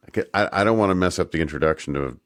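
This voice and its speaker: Casting: man with a very low voice, podcast co-host, joking and rambling, dry close mic. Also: racing, no room sound. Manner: joking, rambling, self-correcting. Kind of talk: casual chat.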